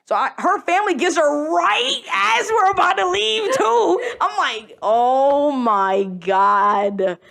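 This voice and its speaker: A young woman hosting a podcast, telling a story in casual chat, animated and profane, laughing often. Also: high-pitched, measured pace, vocal fry. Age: young adult. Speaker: podcast host.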